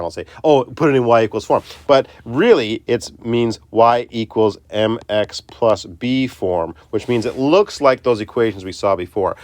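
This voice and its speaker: A man's voice: mid-range voice, no echo. A man teaching a recorded math lesson, chatty and self-interrupting, talking students through each step.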